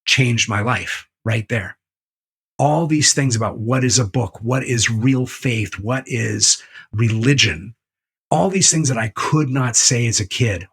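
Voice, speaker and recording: Gravelly, husky man telling a story. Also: lowish voice, fairly bright tone. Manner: profane, emphatic, retelling a book scene by scene. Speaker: interview guest. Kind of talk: candid conversational storytelling.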